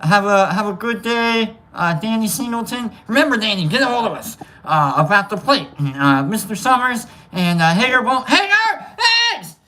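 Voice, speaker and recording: A woman's voice: medium pitch, moderate pace, hardly any pauses, bright, forceful tone. A woman co-hosting a livestream, casually reading out chat names with rambling, playful asides and sudden whoops. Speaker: livestream co-host.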